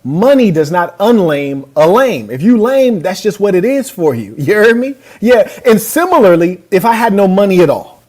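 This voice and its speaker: Very animated and high, slightly mellow, this man speaks at a moderate pace with hardly any pauses, recorded on a camera mic. He's a podcast host in a hotel suite doing casual reaction commentary over a clip, brash, boastful and full of mockery.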